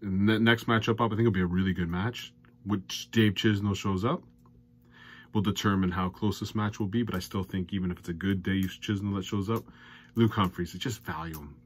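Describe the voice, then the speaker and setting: A man's voice: fairly even intonation, brisk, husky. A man with an exasperated, ranting manner, giving darts predictions and betting picks as a host. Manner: ranting, exasperated, loud and high when worked up. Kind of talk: sports betting commentary.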